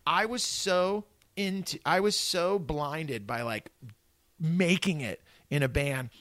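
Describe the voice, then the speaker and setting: A middle-aged man from Northern California spins animated stories as a podcast guest, peppered with swearing and acted-out dialogue. His voice sits a little high and is recorded dry and close. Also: slow, no echo. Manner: animated, profane, acts out quoted dialogue. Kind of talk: casual storytelling conversation.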